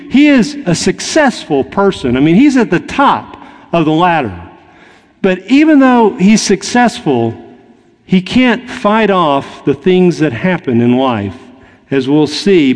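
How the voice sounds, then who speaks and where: A man preaching a sermon in a conversational storytelling way, slowing down to stress his points. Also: fairly high pitch, darkish tone, in a large hall. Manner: conversational, storytelling preacher who slows for emphasis. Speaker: pastor.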